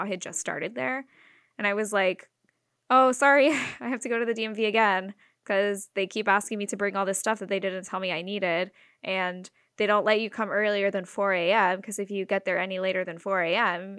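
A woman's voice: mid-range voice, a bit bright, no echo, clean studio sound. A young woman co-hosting a podcast, upbeat and sympathetic, asking questions in casual chat. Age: young adult. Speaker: podcast co-host.

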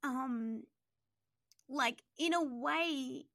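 A woman hosting an interview, talking fast and emotionally with lots of fillers while grieving. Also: high-pitched, creaky, a bit bright, no echo, clean studio sound. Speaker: podcast host.

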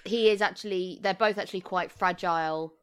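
A woman's voice: fairly low pitch, steady tone, fairly quick, clean tone. A woman co-hosting a podcast, chatting and explaining a story with easy laughter. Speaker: podcast co-host. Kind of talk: casual chat.

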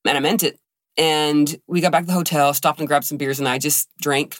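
A woman's voice: low-pitched, a little fast, no room sound, clean studio sound. A woman co-hosting a casual podcast, telling a personal story and acting out the quoted voices. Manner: animated, acts out quoted dialogue. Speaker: podcast co-host.

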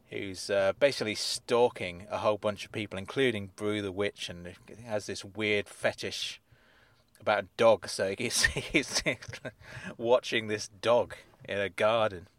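A man with a voice on the low side reads episode synopses aloud in a dry recording. He adds dry, sardonic asides and chuckles along the way in casual comic commentary.

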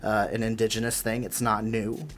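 A man's voice: lowish voice, flat delivery, a little fast. A man speaking as a podcast guest in casual conversation, earnest and filling his speech with "you know.". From United States.

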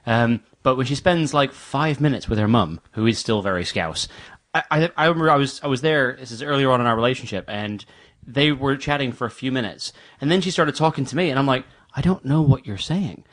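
A man's voice: mid-range voice, fairly quick. A married man chatting casually on a podcast, telling stories and acting out the voices of the people in them. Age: adult, married. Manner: animated storyteller, acts out quotes. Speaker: podcast co-host. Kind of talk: casual chat.

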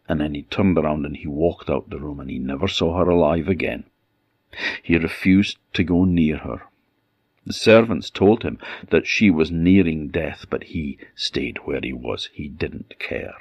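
Male folk-tale narrator, slow and solemn, dry close sound. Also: a bass voice, darkish tone, breathy edge, dry recording, muffled recording. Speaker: storyteller.

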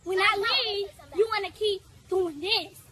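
A woman's voice: very high-pitched, measured pace, bright, forceful tone. A woman speaking in a confrontational, challenging way.

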